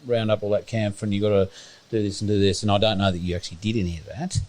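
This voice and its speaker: Joking Australian male host, low voice. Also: level tone, very fast, a little mellow. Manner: chatty, joking, matey. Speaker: podcast host. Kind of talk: casual interview.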